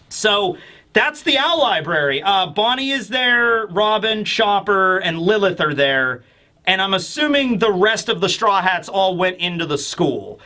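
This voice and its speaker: A man hosting a casual manga chapter review, rambling with lots of fillers and dropping into quick voices for the characters. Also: high voice, pushed and bright.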